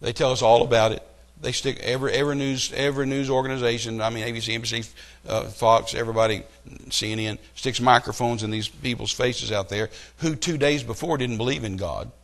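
Preacher, middle-aged man, animated storyteller, builds to loud emphatic peaks, mid-pitched voice. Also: fairly quick, hardly any pauses. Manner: animated storytelling with rising outbursts. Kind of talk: sermon.

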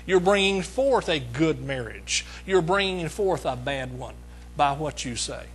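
A man's voice: a little high, lively intonation, measured pace, breathy edge, poor audio. A middle-aged man preaching a sermon, emphatic, repeating his phrases and calling out to the congregation.

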